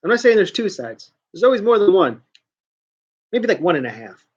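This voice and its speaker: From his home computer, a man rambles casually to camera as host of a joke news show, joking, poking fun at himself, and trailing off before restarting. His voice sits high and sing-song with a breathy edge, at a moderate pace. The audio sounds dull.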